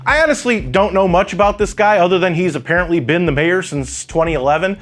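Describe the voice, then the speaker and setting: A man's voice: sits high, fast, a bit bright. A man from Chicago delivering scripted political commentary in a sarcastic, wry manner. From Chicago, USA.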